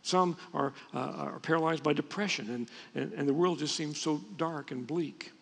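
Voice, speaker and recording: Pastor guy giving a sermon, gravelly and a bit husky, big church echo. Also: a little high, normal speed, fairly bright tone. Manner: conversational preaching with restarts and stumbles. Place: church sanctuary. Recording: long reverb from a church hall.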